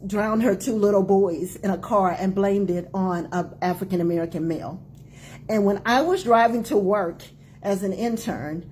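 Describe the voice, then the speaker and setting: Woman in her forties, doctor hosting a live book launch, emphatic, repeats her points, mid-pitched voice, faint background noise. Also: a little mellow. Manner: emphatic, repeats key phrases, calls out greetings to viewers. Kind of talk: live-streamed talk to viewers.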